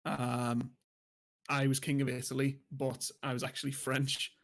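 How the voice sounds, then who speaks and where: A man co-hosting a gaming podcast, telling a strategy game story with laughs and animated quoted lines. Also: medium pitch, unhurried. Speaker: podcast co-host and streamer. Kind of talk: casual gaming chat.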